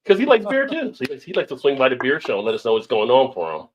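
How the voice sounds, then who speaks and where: A man's voice: medium pitch, wildly swooping pitch, fast, muffled recording, crowd noise. A man hosting a casual beer live stream, upbeat and laughing as he reads viewer comments aloud. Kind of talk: casual chat.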